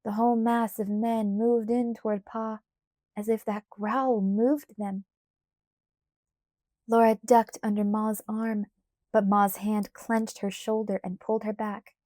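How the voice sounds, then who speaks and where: Slow, mellow woman reading a storybook. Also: mid-range voice, flat delivery, no echo, studio quality. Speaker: audiobook narrator. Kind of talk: storybook read-aloud.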